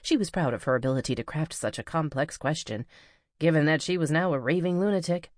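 A woman narrating a novel as an audiobook reader, in a measured, even storytelling manner. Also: low voice, no room sound, clean studio sound. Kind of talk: scripted narration.

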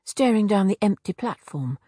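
A woman narrating a children's storybook with expressive reading and many character voices. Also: medium pitch, normal speed, slightly rough, no room sound, clean studio sound.

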